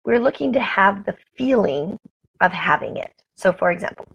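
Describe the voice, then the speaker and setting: A woman's voice: medium pitch, lively intonation, moderate pace, vocal fry, fairly bright tone, slightly rough, dull audio. A woman talking straight to her camera in a casual live morning chat, upbeat and chatty, greeting viewers by name. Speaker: motivational vlogger. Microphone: camera mic, talking straight to camera.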